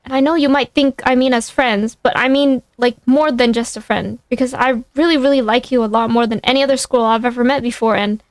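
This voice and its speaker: A woman voicing an eager, nervous young male sea sponge who talks in an excitable, rushed, dramatic way, in a storybook reading. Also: fairly high pitch, no room sound, clean studio sound, natural voice.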